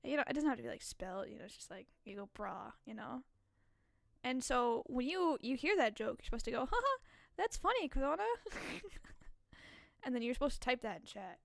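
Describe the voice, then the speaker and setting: Young woman, streamer, high pitched, gravelly, giggly, rambling, casual chat. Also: animated, a little fast, dry recording, studio quality. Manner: giggly, rambling, lots of fillers.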